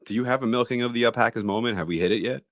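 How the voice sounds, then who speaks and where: A man co-hosting a podcast, casually recapping a film with an animated retelling. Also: medium pitch, rapid-fire, dry recording, clean studio sound. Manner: animated retelling, acts out quoted lines. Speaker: podcast co-host.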